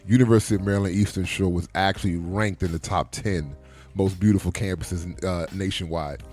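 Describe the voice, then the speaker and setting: A man's voice: deep voice, a little fast, faint music behind. A man co-hosting a podcast in casual chat, telling stories and acting out the dialogue in them. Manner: animated storyteller who acts out quoted dialogue. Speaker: podcast co-host.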